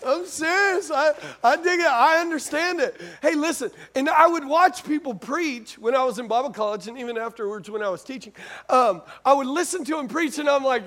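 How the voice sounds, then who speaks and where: A man's voice: very high voice, big pitch swings, normal speed, fairly bright tone. A man preaching a sermon in a conversational way, repeating phrases and asking the congregation questions. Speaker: pastor.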